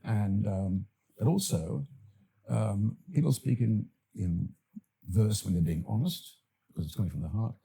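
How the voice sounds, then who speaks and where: An older Australian man, an actor and director, talking as a podcast guest in a thoughtful, halting way with many fillers and restarts. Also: fairly low pitch, vocal fry, warm tone, husky. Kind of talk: podcast interview.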